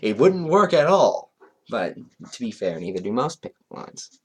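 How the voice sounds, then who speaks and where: A man's voice: on the low side, big pitch swings, measured pace, breathy edge. A man doing a commentary vlog, reading chat logs aloud and breaking in with sarcastic, chuckling asides. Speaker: commentary YouTuber.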